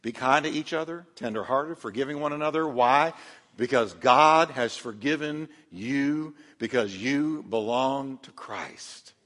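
A man's voice: mid-range voice, unhurried, fairly bright tone, in a large hall. A man preaching a sermon as pastor, emphatic and calling on the congregation to respond.

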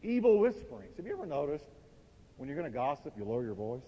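A man preaching a sermon from the pulpit, emphatic, swinging between loud and quiet lines. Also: on the high side, very animated, fast, a little hiss or hum. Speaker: pastor. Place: warm church sanctuary. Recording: dull, reverberant church recording.

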